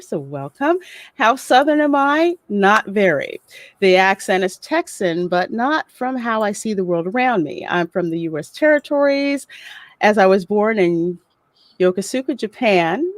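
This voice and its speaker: A woman's voice: mid-range voice, animated, normal speed, no room sound. A woman hosting a casual livestream, chatty and laughing often as she greets viewers by name and reads their messages. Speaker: livestream host reading chat.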